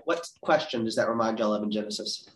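A man teaching a Bible class, reading verses aloud with dramatic leaps in pitch. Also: fast talker, fairly bright tone, slight background noise. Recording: roomy echo.

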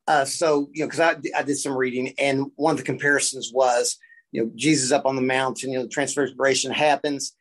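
A man's voice: medium pitch, steady tone, a little fast. A man taking part in a Bible study discussion, thinking aloud and hesitating as he shares his reading. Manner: thoughtful, hesitant with fillers. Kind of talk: group discussion.

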